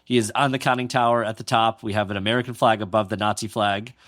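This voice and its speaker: A man's voice: on the low side, fairly even intonation, fast, a bit bright, no room sound, clean studio sound. A man hosting a podcast, telling a history story in a casual, jokey way and reading quotes aloud. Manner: jokey, reads quotes aloud with playful asides. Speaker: podcast host.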